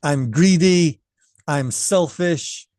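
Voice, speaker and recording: Man doing his mom yelling at him, higher voice, shouty. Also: normal speed, no room sound, studio quality, lightly acted. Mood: accusing. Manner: shouting accusations. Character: angry mother scolding her son.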